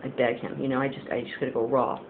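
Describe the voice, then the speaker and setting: A woman's voice: very deep voice, level tone, fast talker. A woman giving a casual spiritual testimony, rambling and earnest with many fillers, as a Christian video blogger. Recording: tinny phone-like audio with faint hiss.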